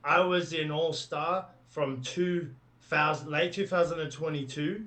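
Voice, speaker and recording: A man's voice: fairly high pitch, a little slow, fairly bright tone. A man talking as a wrestler guest in a casual, jokey interview, swearing freely. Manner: jokey, swearing, puts on a French character voice.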